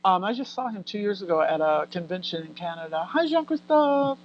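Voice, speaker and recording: An American actress talking casually as a guest in an interview, animated and laughing often as she acts out what people said. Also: on the low side, fairly quick, muffled recording, slight background noise. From United States. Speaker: guest actor.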